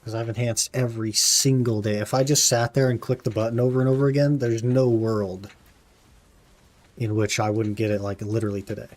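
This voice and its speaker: A man's voice: fairly low pitch, flat delivery, brisk, darkish tone. A young man streaming a game, chatting casually and laid-back with his viewers, often calling them "man". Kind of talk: casual live-stream chat while gaming.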